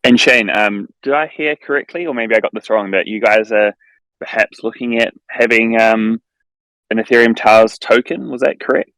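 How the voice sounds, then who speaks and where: Very deep man, tired voice, careful and full of ums, dry sound. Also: a bit bright, clear, resonant tone, dry recording, poor audio. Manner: measured, hedging, many "um"s. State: voice starting to go. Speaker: project team member answering questions. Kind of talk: casual explanation in an online AMA.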